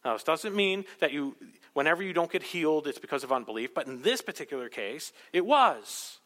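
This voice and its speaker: A male pastor preaches with an impassioned delivery, pressing his points up to emphatic peaks. His fairly high, bright voice cuts through. The sound rings out with the long reverb of a church sanctuary. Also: animated, a little fast. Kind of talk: sermon. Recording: long reverb of a large hall.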